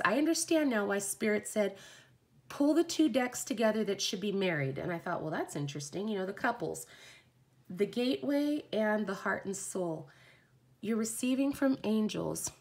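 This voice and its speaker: A woman giving a heartfelt, rambling live oracle card reading. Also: mid-range voice.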